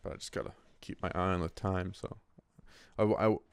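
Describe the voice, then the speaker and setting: A man's voice: sits low, steady tone, fairly quick, creaky, slight background noise. A man in his twenties who hosts the show, talking in a rambling, casual monologue full of swearing and restarts. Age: 20s. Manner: rambling, profane, restarts often. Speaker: host.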